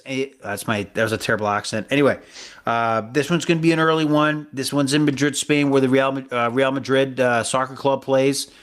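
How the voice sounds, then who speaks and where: A man co-hosting a casual sports betting podcast. He rambles and stalls on names, with plenty of "uh"s along the way. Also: medium pitch. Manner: rambling, fumbles for names, many fillers. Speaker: podcast co-host.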